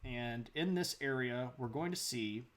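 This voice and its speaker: A man's voice: mid-range voice, measured pace. A man streaming a casual history lecture, chatty, greeting viewers and laughing often.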